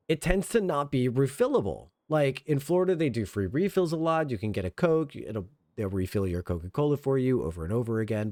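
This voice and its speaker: A man streaming a game, chatting in an excitable, rambling, self-mocking way from a home setup. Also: medium pitch, brisk, hardly any pauses, no echo, clean studio sound. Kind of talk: casual game stream commentary.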